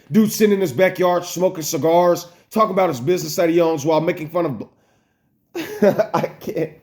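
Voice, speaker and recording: A man's voice: on the high side, brisk. An American man venting in a personal vlog, upset, rambling and swearing as he talks. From United States. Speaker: vlogger. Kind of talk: emotional personal vlog rant.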